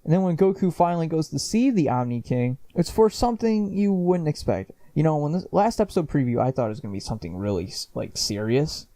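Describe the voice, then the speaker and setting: A man's voice: a little high, very animated, quick pace, few pauses, warm tone, dry recording. A man reviewing an anime episode in a chatty, casual way, with lots of fillers, swearing and laughs.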